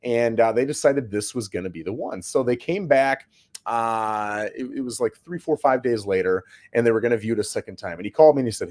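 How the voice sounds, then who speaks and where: A man's voice: medium pitch, a little fast, a little mellow. A man, a real estate agent hosting his own show, telling a story to camera in a casual, plainspoken way, often checking in with "right?". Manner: plainspoken, slangy.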